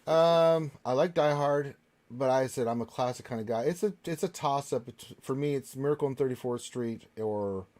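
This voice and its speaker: A man hosting a casual live Q&A panel, reading out viewer questions and answering in a relaxed, rambling way with plenty of fillers. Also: mid-range voice, normal speed.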